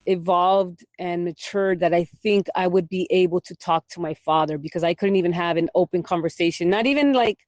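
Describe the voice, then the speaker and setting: A woman's voice: on the low side, brisk, few pauses, darkish tone, no echo, muffled recording. Slightly sick woman, laughing podcast co-host. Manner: laughs easily, mixes Spanish words into English. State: a little sick, holding back a cough. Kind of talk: casual podcast chat.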